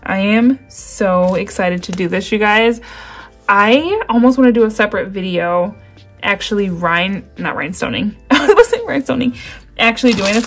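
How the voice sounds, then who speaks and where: A woman vlogging a craft unboxing at a table indoors, gushing and exclaiming as she talks straight to her viewers. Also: medium pitch. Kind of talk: excited unboxing chat. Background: crinkling packaging.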